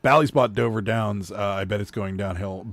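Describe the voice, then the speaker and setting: A man's voice: on the low side, normal speed, fairly bright tone. A man hosting a casual reseller livestream, rambling through stories and laughing often. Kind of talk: casual chat.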